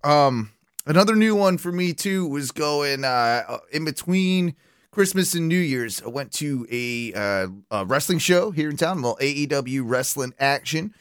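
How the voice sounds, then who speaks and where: A man's voice: on the high side, expressive, a little slow, clear, resonant tone, no echo, clean studio sound. A man co-hosting a podcast in casual chat, rambling and filling his talk with "like" and repeats. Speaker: podcast co-host.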